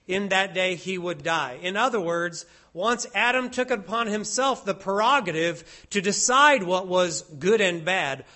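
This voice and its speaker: A man's voice: high-pitched, sharp tone. A man leading worship as a pastor, reading psalms and preaching a sermon in an earnest, declamatory way. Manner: earnest, declamatory with emphatic rises. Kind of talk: sermon and liturgy.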